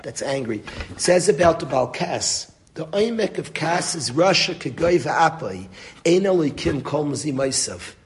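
A man's voice: fairly high pitch, a little hiss or hum. A man giving a Torah lecture to a group, speaking earnestly and mixing Hebrew and Yiddish words into his English. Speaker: rabbi teaching a Torah class.

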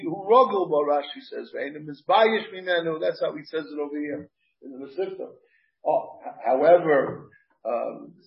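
A male rabbi teaching a Talmud class, explaining in halting phrases with many restarts and Hebrew terms. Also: on the high side. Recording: roomy, distant, muffled class recording.

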